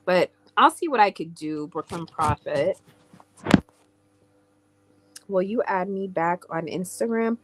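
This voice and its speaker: A woman's voice: fairly low pitch, animated, takes it slowly, pauses often, slight background noise. A woman from England chatting casually with viewers on a livestream and answering their comments. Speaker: live streamer.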